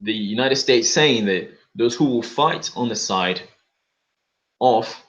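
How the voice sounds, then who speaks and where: A man's voice: medium pitch, lively intonation, slow, a bit bright, lo-fi sound. A man commenting on news in a casual video, emphatic, repeating words and often saying "okay".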